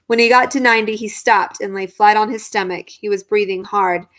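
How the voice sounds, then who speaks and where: A woman reading a novel aloud in the first person, in a calm, even storytelling manner. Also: mid-range voice, brisk. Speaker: audiobook reader.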